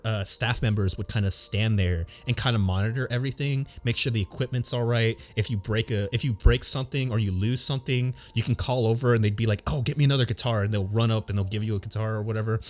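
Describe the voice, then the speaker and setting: A man telling a long personal story in a casual, rambling way, full of fillers and restarts and breaking into laughter. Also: mid-range voice. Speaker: streamer.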